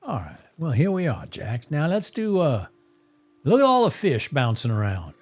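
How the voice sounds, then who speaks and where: While streaming a western role-play game, a man chats in a rambling, playful way at a moderate pace, his fairly high voice swinging hugely in pitch. Staying in character, he even talks to his horse.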